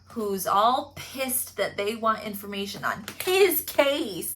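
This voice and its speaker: Bright, sarcastic woman recapping a TV show. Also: a little high, slow pace, few pauses, a little hiss or hum. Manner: sarcastic, profane, lively storytelling. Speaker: podcast host. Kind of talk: comedic TV episode recap.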